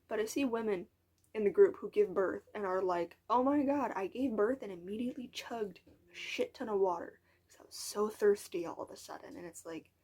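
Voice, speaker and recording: A woman's voice: medium pitch, a little mellow, husky. An eighteen-year-old woman talking in a casual vlog monologue, frank and frustrated, rambling and dropping into whispered asides. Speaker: vlogger.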